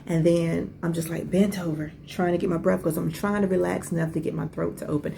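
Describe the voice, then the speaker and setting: Low gravelly-voiced woman telling a story. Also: a little fast, slight background noise. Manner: animated, conversational, with many asides and rhetorical questions. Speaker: podcast host. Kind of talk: casual storytelling.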